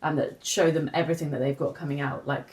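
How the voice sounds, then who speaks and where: A woman working at a bookshop, a podcast guest, briskly explaining how things work and acting out what people say. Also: deep voice, steady tone, darkish tone, poor audio. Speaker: bookshop staff. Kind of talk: casual chat.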